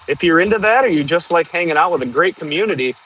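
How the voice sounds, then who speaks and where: Working outside during a casual live-stream, a chatty man in his 30s from northern Michigan rambles to viewers and laughs a lot. His voice is a little high, expressive and a bit bright, quick-paced, on a rough recording with slight background noise.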